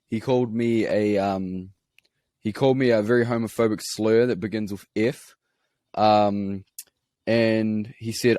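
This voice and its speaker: A New Zealand man spins a rambling story on a podcast, swearing freely and laughing at himself. His voice sits fairly low, and the sound is dry and close, with no room around it. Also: steady tone, normal speed, a little mellow, no room sound. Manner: rambling, profane, self-mocking. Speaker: podcast co-host. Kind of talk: casual storytelling.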